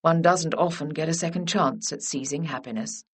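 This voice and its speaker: A woman voicing an imperious elderly aristocratic dowager who speaks in a brisk, commanding way, in a storybook reading. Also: sits low, slightly rough.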